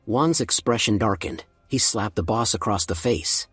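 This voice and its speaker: A man narrating a comic recap in a steady, scripted storytelling voice. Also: fairly low pitch, normal speed, hardly any pauses, breathy edge, dry recording, soft background music.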